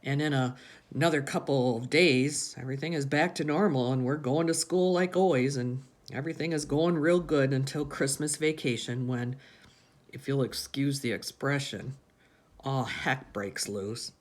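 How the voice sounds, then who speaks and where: A woman's voice: extremely low pitch, normal speed. Woman reading plainly, like talking. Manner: plain, conversational storytelling. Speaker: audiobook reader. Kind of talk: first-person audiobook narration.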